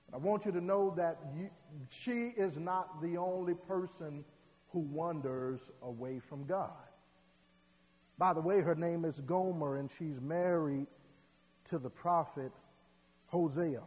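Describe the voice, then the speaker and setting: A man preaching a sermon, telling a story dramatically and building to loud, emotional peaks. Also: on the high side, unhurried. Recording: long hall reverb.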